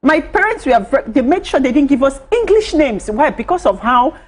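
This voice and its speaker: Emphatic Nigerian woman, lively pitch. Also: normal speed. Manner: emphatic, repeats herself while building a point. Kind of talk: studio panel discussion.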